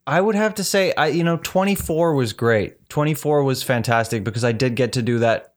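A man chatting casually in a relaxed way, with frequent fillers. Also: medium pitch, brisk. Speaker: conversation partner. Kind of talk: casual chat.

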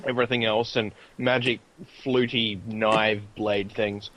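A man's voice: fairly low pitch, flat delivery, unhurried, a bit bright, dull audio. A man with an Australian accent co-hosting a podcast in casual chat, crude and wisecracking, swearing freely. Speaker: podcast co-host.

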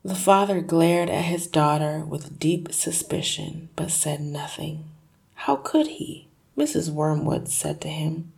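A woman narrating a children's story with lively, expressive reading. Her voice sits low and carries a gravelly grain, with a warm, unhurried sound. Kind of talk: expressive read-aloud narration.

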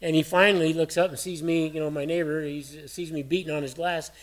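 Hoarse folksy preacher, higher-pitched man. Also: fairly even intonation, fast. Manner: folksy storytelling preacher, earnest and conversational. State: hoarse, voice cracking. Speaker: pastor. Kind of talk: sermon.

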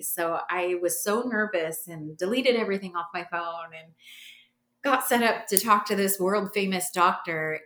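A woman guest on a podcast, telling her story in an animated way, laughing and acting out the voices of the people in it. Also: on the low side. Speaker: podcast guest, massage therapist. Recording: roomy echo.

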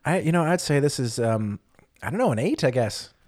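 A man's voice: medium pitch, sing-song, fairly quick, a little mellow. Male podcast co-host, casual, rambling with lots of fillers. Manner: rambling, filler-heavy, restarts often. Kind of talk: casual chat.

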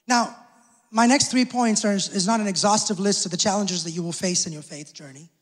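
A male pastor preaching a sermon, calling out to the congregation and quietly acting out the people in the story. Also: very high-pitched. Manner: preaching with call-outs to the congregation; acts out the people in the story in hushed asides. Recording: long hall reverb.

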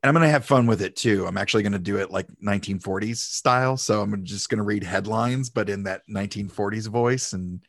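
A man's voice: fairly low pitch, brisk, creaky, few pauses, no room sound, studio quality. A man hosting a podcast in casual, upbeat chat, laughing often. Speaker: podcast host.

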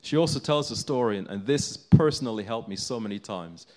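A man with a lower-pitched voice delivers a sermon, telling a story with earnest, mounting emphasis. He speaks as a preacher to a congregation. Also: expressive, a little fast.

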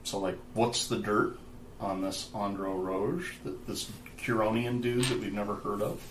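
A man's voice: on the low side, steady tone, normal speed. A man running a tabletop game as game master, explaining rules in a loose, filler-heavy way. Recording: roomy, distant, noisy.

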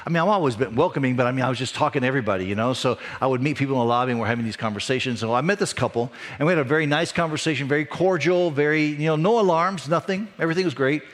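A middle-aged man preaches a sermon in a relaxed, conversational way, telling stories from his own church life. His voice climbs and gets louder when he makes a point, then drops soft and low when he reflects. He sits at an ordinary middle pitch for a man. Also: very fast, hardly any pauses. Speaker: pastor.

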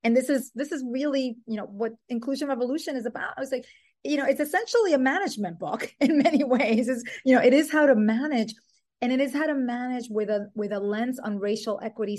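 A woman's voice: a little high, darkish tone. A middle-aged woman, a guest author in an interview, speaking in an earnest, thoughtful way and often restarting her sentences. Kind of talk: conversational interview.

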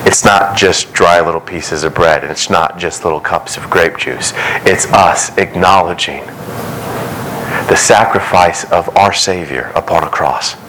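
A middle-aged man preaching a sermon as pastor, earnest and emphatic, his pace shifting from quick runs to slow, stressed words. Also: low voice, noisy background.

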